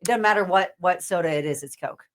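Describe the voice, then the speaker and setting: A woman from Northern Indiana co-hosting a radio talk show, playful and quick to joke, often dropping to a soft murmur. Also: fairly low pitch. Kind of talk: casual radio banter.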